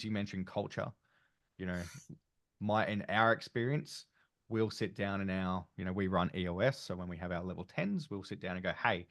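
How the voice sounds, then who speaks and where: A man's voice: sits low, dry recording, clean studio sound. An Australian man hosting an online panel discussion, chatty and rambling with plenty of fillers, on a video call. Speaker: panel host.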